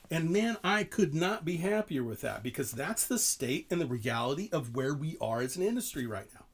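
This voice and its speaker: A man's voice: fairly high pitch, big pitch swings, moderate pace, hardly any pauses. A middle-aged man hosting a leadership podcast, talking casually and emphatically, telling stories from his work and laughing now and then. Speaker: leadership coach and podcast host. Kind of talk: motivational podcast talk.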